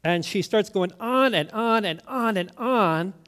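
A middle-aged pastor with a fairly high voice delivers a story-driven sermon. He lets key words fall soft and quiet for weight, then lifts again. The delivery is steady and personal. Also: a little slow. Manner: storytelling preacher, drops to a hushed voice on key words.

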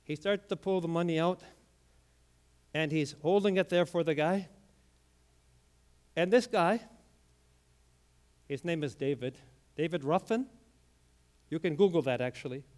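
A man preaching a sermon through a story, swinging from hushed lines to loud, emphatic peaks. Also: fairly high pitch, unhurried, long pauses.

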